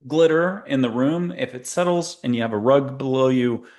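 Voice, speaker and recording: A man's voice: medium pitch, moderate pace, darkish tone. A man hosting a spiritual talk show, chatting playfully and rambling as he leads listeners through a guided exercise. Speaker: podcast host. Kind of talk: casual guided meditation chat.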